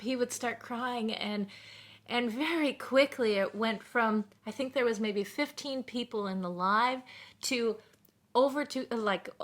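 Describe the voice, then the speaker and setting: A woman's voice: medium pitch, a bit bright. A woman live streamer in casual, rambling chat with her viewers, often stopping to thank them.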